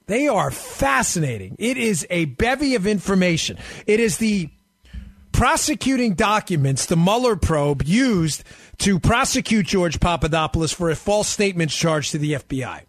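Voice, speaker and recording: A man's voice: sits high, dry recording. A man hosting a political talk radio show, arguing animatedly and firing rhetorical questions straight at his listeners. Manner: addresses listeners directly.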